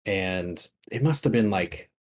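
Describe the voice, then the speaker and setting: A man's voice: deep voice, animated, a little slow. Laid-back man telling stories. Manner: laid-back storytelling with casual swearing. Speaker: podcast co-host. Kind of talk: casual chat.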